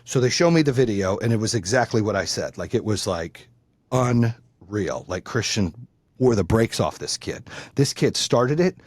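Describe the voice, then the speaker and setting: A man's voice: on the low side, lively intonation, moderate pace, darkish tone, slightly rough, no echo. A man hosting a podcast, telling a story in a blunt, profane way that grows heated. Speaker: podcast host. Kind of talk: casual storytelling.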